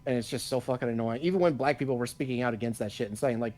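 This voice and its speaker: A man's voice: mid-range voice, fairly even intonation, very fast, a little mellow. A man co-hosting a podcast in casual chat, ranting with a lot of swearing and frequent laughs. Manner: profane, ranting, laughs often. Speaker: podcast co-host.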